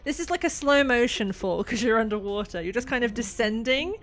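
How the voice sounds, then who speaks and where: A woman's voice: fairly high pitch, animated, a little fast. Chatty woman running a tabletop game. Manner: loose and chatty, many fillers. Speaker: game master.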